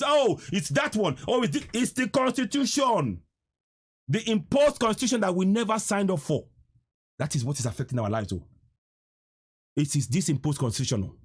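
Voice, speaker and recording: Husky Nigerian man preaching on a livestream. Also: a little high, darkish tone. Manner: preachy, repeats lines, mixes Pidgin and English. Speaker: livestream host. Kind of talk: political livestream talk.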